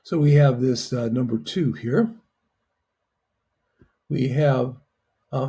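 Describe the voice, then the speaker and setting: A man's voice: medium pitch, slow pace, pauses often, mellow, husky. A man teaching a Chinese lesson in a patient, explanatory way, often checking in with "right?". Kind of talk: online language lesson.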